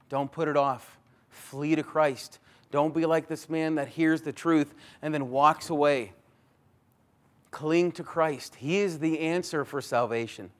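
A man preaching a sermon as pastor, earnest, swinging between loud pleading and hushed emphasis. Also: a little high.

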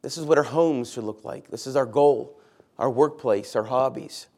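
A man's voice: medium pitch, moderate pace, darkish tone. A man, a pastor, preaching a sermon in a church, stressing key words by repeating them and putting questions to the congregation.

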